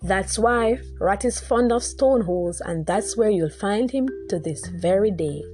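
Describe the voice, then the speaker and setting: A woman narrating a folktale in an expressive, lively storytelling manner. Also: medium pitch, a little slow, few pauses, faint music behind.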